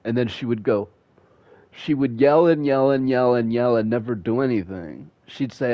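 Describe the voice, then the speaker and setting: A man's voice: medium pitch, normal speed, no room sound. A man streaming a game, telling rambling, profane stories in a casual way. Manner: rambling, profane, laughs at his own stories. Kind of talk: casual storytelling while gaming. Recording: dull dry home mic.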